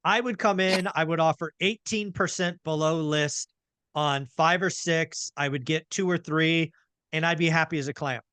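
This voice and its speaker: A man hosts a casual interview and tells his stories with energy. He acts out his own reactions along the way. His voice is bright and forceful, a little higher than most men's, and it sounds dry and close to the mic. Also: moderate pace, clean tone, no echo. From California. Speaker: podcast host.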